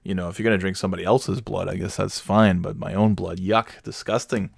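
A man's voice: low voice, level tone, fast talker, vocal fry, darkish tone, slightly rough, no room sound, studio quality. A man hosting his own podcast who tells stories in a rambling, self-mocking way and swears casually. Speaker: podcast host. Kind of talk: casual comedic storytelling.

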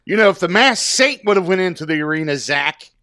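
A man's voice: high voice, lively intonation, fairly quick, pushed and bright, no room sound. A man co-hosting a podcast, teasing the others playfully. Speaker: podcast co-host. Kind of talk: casual podcast chat.

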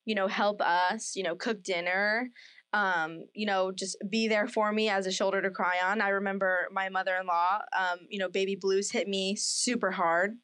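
A woman's voice: mid-range voice, fairly even intonation, normal speed, a bit bright, smooth, no room sound. A woman co-hosting a casual podcast, rambling with many fillers and laughing often as she gets emotional. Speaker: podcast co-host. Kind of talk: casual chat.

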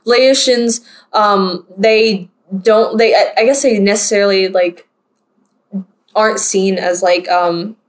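A young woman hosts a casual podcast conversation in a friendly, chatty way, leaning on "like" and "you know." She laughs as she tells stories, and her pitch sits in a middle range. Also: fairly even intonation, slow. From United States. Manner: chatty, many fillers, laughs while telling stories. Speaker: podcast host. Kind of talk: casual chat.

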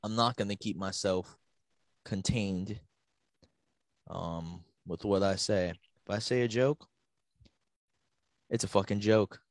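Here a young man co-hosting a podcast recounts stories in a loose, profane style, voicing the people involved. He speaks slowly with long pauses in a lowish voice, and there's no room sound.

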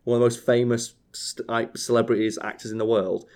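A man co-hosting a podcast, telling stories in an animated, swearing, ranting way. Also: medium pitch, fairly quick. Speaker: podcast co-host. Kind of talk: casual chat.

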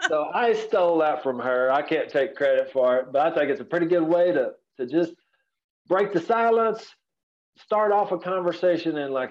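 A man's voice: fairly high pitch, lively intonation, moderate pace, dull audio. A man from Central Texas, a rancher guest on a podcast, talking in an earnest, folksy, rambling way from his office. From Central Texas, USA. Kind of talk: relaxed podcast conversation.

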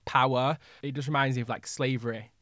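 A man co-hosting a podcast in casual chat. He sounds opinionated and animated, and he laughs easily. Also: medium pitch, fairly quick, dry recording. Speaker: podcast co-host.

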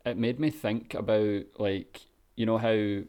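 Scottish man, very deep voice, laid-back, sweary, lots of ums and chuckles, casual vlog chat. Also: steady tone, a little slow, darkish tone. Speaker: vlogger. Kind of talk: casual reaction commentary.

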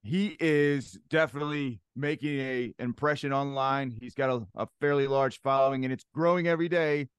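A man's voice: mid-range voice, normal speed, clear, resonant tone, no echo. A man emceeing a comedy show, upbeat as he introduces the next comic. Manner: upbeat, hyping the crowd.

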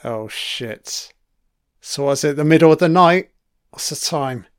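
A man's voice: fairly high pitch, expressive, a little slow, clean tone, dry recording, clean studio sound. Sweary man riffing on a show. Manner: sweary, chatty, reacting to the screen. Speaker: commentator. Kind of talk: casual film commentary.

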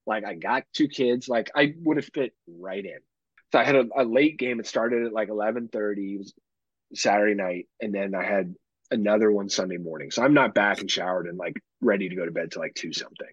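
A man's voice: fairly low pitch, fairly quick, breathy edge, no echo, lo-fi sound. A man in his thirties, a podcast co-host, telling a long story in casual profane chat full of fillers. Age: 30s.

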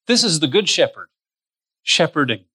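A man's voice: fairly high pitch, very animated, moderate pace, sharp tone, slightly rough, dry recording. A man preaching a sermon as pastor. He speaks straight to his listeners and stretches his stressed words. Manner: addresses listeners directly.

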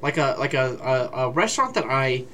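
A man's voice: mid-range voice, animated, normal speed, sharp tone, slight background noise. A man in casual conversation who swears freely and acts out the people in his stories. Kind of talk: casual chat.

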